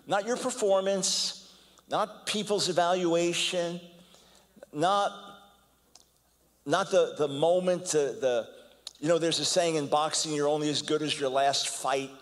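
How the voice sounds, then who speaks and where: An older man lectures in a big auditorium, his slightly high voice trailing long reverb. He talks in an animated, storytelling way, repeating words as he restarts and acting out the lines of others. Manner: animated, stumbles and repeats words, acts out quotes. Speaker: guest lecturer.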